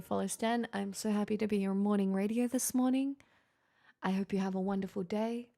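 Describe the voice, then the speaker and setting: A woman's voice: mid-range voice, a little mellow. A young woman hosting a livestream, chatting casually and playfully with viewers, laughing often and sounding very tired. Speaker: livestream host. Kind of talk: casual chat reading viewer messages.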